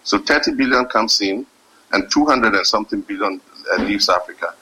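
A man speaks in a low, slightly husky voice with a forceful edge. He delivers a formal address, measured and deliberate, stretching key words for emphasis. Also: lively intonation, low-quality recording. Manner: measured, emphatic, slows down to stress points. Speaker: head of state giving a speech. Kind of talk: formal speech.

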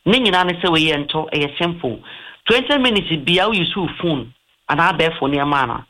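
Bright-voiced Ghanaian man, eye doctor. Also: fairly high pitch, animated, a little fast, rough recording. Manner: explanatory, mixes English terms into Twi. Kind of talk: health advice talk on radio or TV.

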